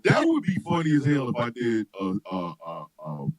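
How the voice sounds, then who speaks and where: A man who is a comedian and radio host, joking loudly in animated casual chat, often shouting and laughing. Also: medium pitch, moderate pace, slight background noise, rough recording.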